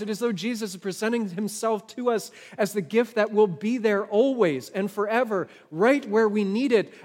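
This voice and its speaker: A male pastor delivers a sermon with a high voice that rings through a long hall reverb. He speaks earnestly and keeps asking the congregation questions. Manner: earnest, asks the listeners questions.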